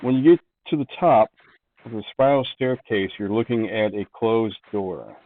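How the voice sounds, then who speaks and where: A man's voice: fairly low pitch, no echo. Man running a tabletop game over a tinny call. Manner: descriptive, measured narration with small restarts. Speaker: game master. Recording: tinny online call audio.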